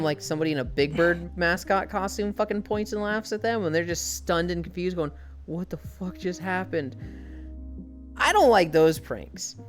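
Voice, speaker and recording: Woman streamer, loose casual chatter, salty language, slightly low voice, faint music behind. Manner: swears freely, animated storytelling. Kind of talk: casual chat while walking.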